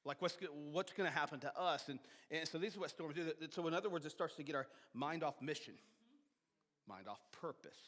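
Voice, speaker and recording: A man preaching a sermon as pastor, animated, with sudden shouts and soft drops, often repeating and restarting words. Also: fairly high pitch, fairly quick. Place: church sanctuary. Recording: long hall reverb of a church sanctuary.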